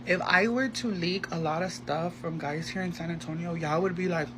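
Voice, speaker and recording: A man telling a gossipy storytime in a casual, animated way, acting out the voices of the people in it. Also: fairly high pitch, moderate pace. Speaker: storyteller in a social media clip. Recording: noisy background.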